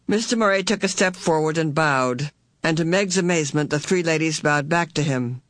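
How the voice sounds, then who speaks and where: A woman narrating an audiobook chapter in a steady, even storytelling voice. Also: sits low, normal speed, dry recording. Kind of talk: scripted narration.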